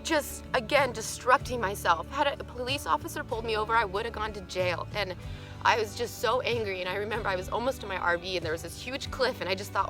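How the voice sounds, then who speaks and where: A woman's voice: medium pitch, over music. Woman in her 30s, emotional mess, teary confessional vlog, shaky little laughs, song going in the background. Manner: emotional, halting, with nervous laughs. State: tearful, emotionally raw. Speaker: vlogger.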